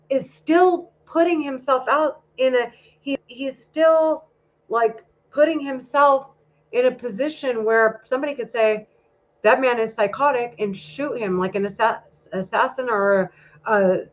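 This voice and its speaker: A woman's voice: sits high, fairly bright tone. A woman talking in a casual vlog monologue, rambling and heated, with a lot of swearing. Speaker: vlogger. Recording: muffled lo-fi recording.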